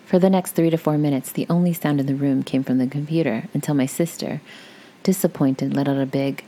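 A woman's voice: deep voice, fairly even intonation, brisk, dark tone. A woman reading a story aloud in a chatty, conversational way, with casual asides to her listeners. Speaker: story reader.

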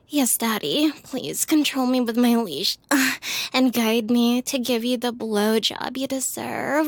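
A woman's voice: on the high side, no room sound. A woman performing a scripted adult audio role-play, sighing often and talking in a wry, self-mocking way into a close microphone.

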